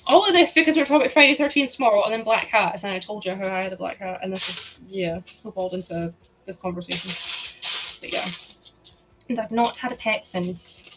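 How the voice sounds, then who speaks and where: A woman's voice: mid-range voice, brisk, noisy background. A woman hosting a live stream, chatting casually with her audience, rambling with lots of "like" fillers. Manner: chatty, rambling, many "like" fillers, frequent laughs. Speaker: livestream host. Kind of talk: casual chat to a live chat while sorting.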